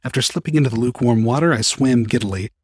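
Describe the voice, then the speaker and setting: A man narrating a first-person story as an audiobook reader, calm and even. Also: medium pitch, fast, husky, no room sound, studio quality.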